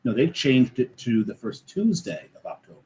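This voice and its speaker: Male co-host with an average pitch, casual and explanatory, with a faint hum behind him. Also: very animated, moderate pace, dark tone, low-quality recording. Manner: explains things at length, methodical. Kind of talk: casual chat.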